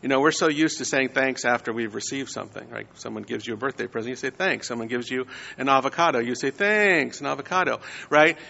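A man's voice: medium pitch, creaky, sharp tone, long reverb tail, highs cut off. A man giving a conversational sermon, often checking in with his listeners. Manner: conversational, frequent "right?" tags. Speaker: preacher.

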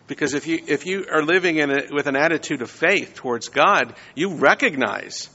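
A man's voice: medium pitch, bright, forceful tone, long reverb tail, muffled recording. A man giving a conversational sermon, often checking in with his listeners. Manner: conversational, frequent "right?" tags. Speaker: preacher.

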